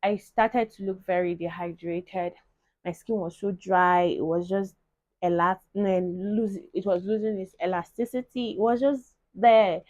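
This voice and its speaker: Chatty woman, mellow dry sound. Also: mid-range voice, measured pace, dry recording, muffled recording. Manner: animated, chatty storytelling. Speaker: vlogger. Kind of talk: casual chat to camera.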